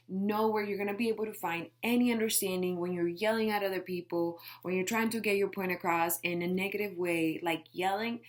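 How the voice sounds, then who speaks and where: A woman life coach gives a casual motivational talk to camera, speaking emphatically and peppering it with rhetorical questions and "right?". Her voice is mid-range and a bit bright.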